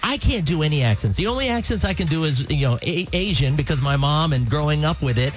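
A man from Tennessee hosting morning radio, animated and joking. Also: a little high, quick pace. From Tennessee, USA. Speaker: radio host.

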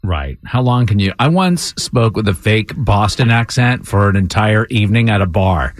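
A man's voice: fairly low pitch, expressive, normal speed, slight background noise. A man hosting a morning radio show, bantering playfully with a caller and his co-host. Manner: playful, joking. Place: radio studio.

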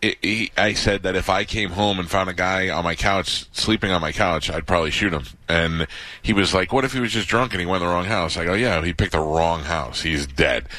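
A man hosting a radio talk show, telling stories in a casual, animated way. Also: sits low, fairly quick, no echo. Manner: storytelling, animated quotes.

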